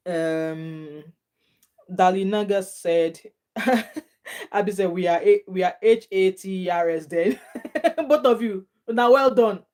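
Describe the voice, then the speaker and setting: A middle-aged woman with a Nigerian accent, chatting casually as a vlogger, reading out viewer comments and reacting with frequent laughter and bits of Pidgin. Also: fairly low pitch. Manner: chatty and animated, laughs often, drops into Nigerian Pidgin phrases. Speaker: gossip vlogger.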